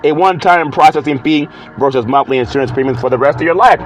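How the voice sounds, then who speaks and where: A man hosting a sports talk show, chatting playfully and reading a live ad with bursts of loud excited exclamations. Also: on the high side, fast talker, few pauses, poor audio. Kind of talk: casual talk show monologue with live ad read.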